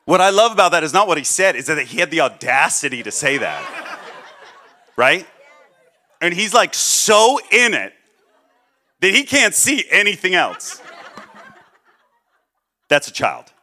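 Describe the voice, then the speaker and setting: A man preaching a sermon as a guest speaker, joking and acting out the people he quotes, then dropping low and quiet for serious points. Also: unhurried, pauses often. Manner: animated, jokey, acts out quoted people.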